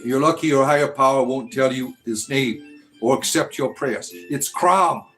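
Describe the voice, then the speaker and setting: A man's voice: mid-range voice, unhurried, fairly bright tone, faint music behind. A man hosting a livestream in casual chat, talking back to his viewers in a sarcastic, scornful way. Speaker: livestream host answering chat.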